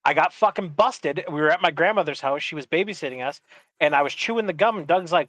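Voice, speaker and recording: A man's voice: on the high side, expressive, fast talker, a bit bright, no echo. A man co-hosting a casual podcast chat, telling stories in a profane, joking way. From Upper Peninsula of Michigan. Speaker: podcast producer and co-host.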